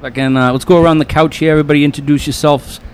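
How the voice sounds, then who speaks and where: A man's voice: fairly high pitch, steady tone, very fast, slight background noise. A man hosting a podcast interview at a diner, blunt, profane and joking. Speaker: podcast host. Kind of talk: casual interview chat. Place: diner, indoors.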